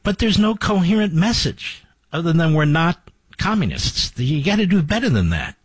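A man delivering opinionated political commentary as a talk show host. He sounds emphatic and incredulous, with a husky tone and a pitch that swings widely. The sound is dry and close to the mic. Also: sing-song, moderate pace, no room sound.

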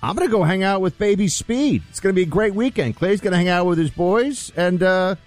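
Talk radio co-host, higher voice, wry joking delivery. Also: male voice, expressive, brisk, soft background music.

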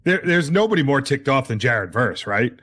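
A man's voice: mid-range voice, very animated, moderate pace, a bit bright, slightly rough. A man co-hosting a sports talk show, wryly mocking teams in quoted bits. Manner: wry, mock-quotes teams for laughs. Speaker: sports radio co-host.

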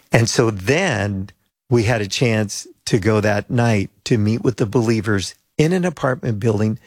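Husky older man telling a story. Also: mid-range voice, darkish tone, dry recording. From United States. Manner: chatty anecdotal storyteller, acts out quoted voices. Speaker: pastor. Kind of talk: storytelling interview guest.

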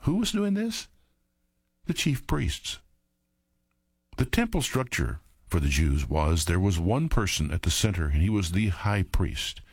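Man, sermon, reads scripture then comments, husky low voice, dry close sound. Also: big pitch swings, unhurried, dry recording. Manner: reads verses aloud, then comments plainly and conversationally; addresses listeners directly. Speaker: Bible teacher.

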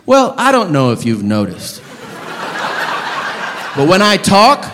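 A blunt, toothless man with a mushy mouth, as a man puts him on. He speaks a little higher and a little louder than the performer usually does. A long reverb and steady background noise fill the sound. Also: slow pace, heavily acted. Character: toothless man asking for money, mush-mouthed.

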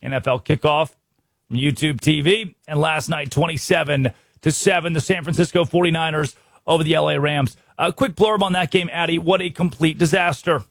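An American man hosting a sports radio show, brisk and wry, full of rhetorical questions. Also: fairly high pitch, fairly even intonation, vocal fry, dry recording. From United States.

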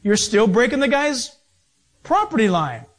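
A man preaching a sermon as pastor, emphatic and animated, with sudden shifts in pace. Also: very high-pitched, measured pace.

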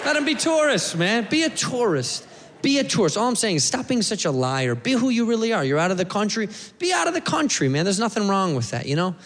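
An American man doing a profane stand-up comedy set, loudly acting out characters. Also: high-pitched, big pitch swings, fairly quick, in a large hall, slight background noise. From United States. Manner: loud, profane, acts out characters.

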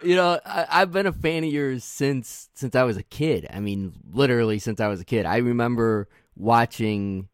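A man's voice: medium pitch, normal speed, hardly any pauses, clean tone, no echo, clean studio sound. A man hosting a casual chat, easygoing, laughing often and trailing off mid-sentence.

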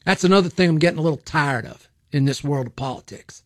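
A man hosting political talk radio, his voice pitched a bit high for a man. He talks in a blunt, opinionated way, stumbling and repeating words as he goes. The studio sound is close and dry. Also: quick pace, hardly any pauses, no room sound. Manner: blunt, opinionated, repeats himself with frequent restarts. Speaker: radio talk show host. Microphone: studio microphone.

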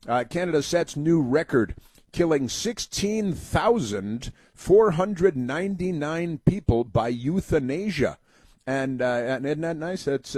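A man's voice: mid-range voice, a little mellow, no room sound. A man hosting a political talk monologue, sarcastic and rambling, with many fillers and restarts. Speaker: political commentary host.

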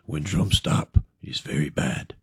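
A man voicing an ominous jungle local who speaks slowly in clipped, broken phrases. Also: no room sound, clean studio sound, natural voice. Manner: slow, grave, clipped broken speech.

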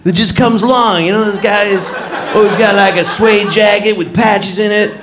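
Middle-aged comedian guy doing standup, high voice jumping around, roomy echoey venue. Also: moderate pace, a crowd in the background. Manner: animated storytelling, acts out voices with loud bursts. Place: live comedy stage. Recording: echoey venue with audience noise.

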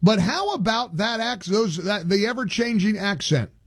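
A man's voice: high-pitched, sing-song, moderate pace, a bit bright, slightly rough, no echo, clean studio sound. A male talk show host giving indignant, emphatic political commentary, often restarting his sentences.

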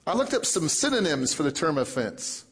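A pastor delivers a sermon to his congregation in a voice pitched a little above most men's. He leans on repetition and swings from forceful declarations down to hushed, low phrases. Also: sing-song, moderate pace. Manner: emphatic preaching with repetition and big swings in volume.

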